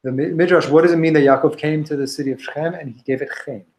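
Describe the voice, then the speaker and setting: Male Torah teacher, slightly raised pitch, lively storytelling class voice. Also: fast talker, rough recording. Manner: storytelling, animated, many restarts, Hebrew and Aramaic quotes. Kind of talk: informal Talmud class.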